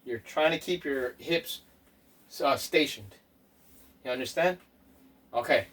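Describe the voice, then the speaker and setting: A man leading a home workout as a fitness instructor, counting reps aloud and giving slow, step-by-step tips. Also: medium pitch, a bit bright. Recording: voice from a distance off the mic.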